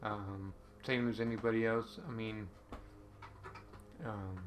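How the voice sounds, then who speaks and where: A man's voice: lowish voice, little pitch movement, slow, noisy background. A man casually telling a personal story to camera, rambling with lots of ums and uhs.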